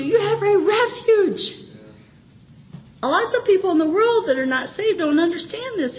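Animated high-voiced woman preaching. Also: rough recording. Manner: animated, laughing, swings between high excitement and low murmurs. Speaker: church speaker. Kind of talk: informal sermon testimony.

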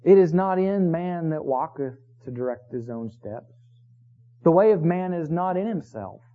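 A man preaching a sermon as pastor, swinging from hushed lines to loud emphasis. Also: fairly high pitch, lively intonation, normal speed. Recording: tinny phone-like recording.

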